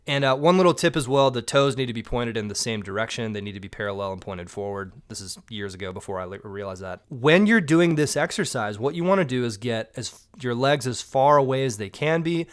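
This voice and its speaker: A man's voice: mid-range voice, clear, resonant tone. A man in his thirties from Georgia with a Southern accent, a mountain bike coach giving direct, casual instruction to camera with joking asides.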